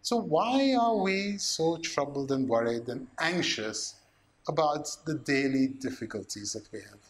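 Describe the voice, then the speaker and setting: A man, a priest preaching a sermon, slow and emphatic, asking rhetorical questions. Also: a little high, lively intonation.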